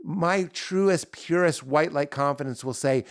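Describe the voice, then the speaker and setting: A man's voice: on the high side, unhurried, hardly any pauses, no echo, studio quality. A man, a comedian guest on a podcast, talking at length in casual chat and acting out his bits in voices. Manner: animated, acts out bits in character voices.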